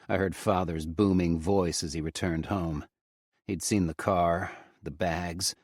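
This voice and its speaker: A male audiobook narrator reading a first-person story in a grave, measured manner on a close studio mic. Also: low voice, fairly even intonation, no room sound.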